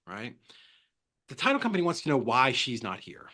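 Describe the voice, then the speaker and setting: A man talking as a podcast guest, telling animated stories and acting out quotes with big jumps in pitch. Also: moderate pace. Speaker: guest, real estate transaction coordinator. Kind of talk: casual podcast storytelling.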